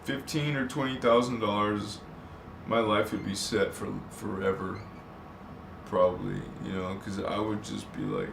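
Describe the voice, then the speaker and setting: A man's voice: lowish voice, steady tone, a little slow, creaky. Host, male, playful and chatty, laughs a lot; sits back from the mic, faint hiss behind. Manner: playful, laughs often, greets chat viewers. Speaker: live stream host. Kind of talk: casual live stream chat. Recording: echoey, distant mic, faint background noise.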